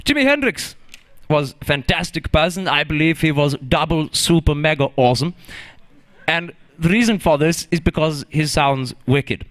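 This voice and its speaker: A man's voice: fairly high pitch, animated, normal speed, lightly acted. A man playing a pompous German professor with a put-on German accent, lecturing grandly. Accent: fake German.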